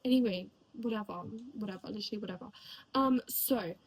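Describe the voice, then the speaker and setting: Young woman chatting to camera about books, kinda husky, says like a lot. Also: mid-range voice, fast, poor audio. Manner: rambling, filler-heavy and chatty, with frequent likes. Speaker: book reviewer. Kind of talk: casual chat.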